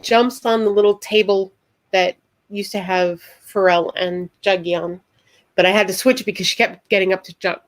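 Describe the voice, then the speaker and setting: A woman guest in a casual chat, talking earnestly and rambling with many fillers. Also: mid-range voice. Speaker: guest co-host.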